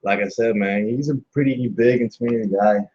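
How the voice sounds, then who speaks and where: A man's voice: mid-range voice, brisk, a little mellow, muffled recording. A young man, a pro wrestler guest, talking casually on a radio show, boastful and cocky with lots of fillers. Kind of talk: casual interview chat.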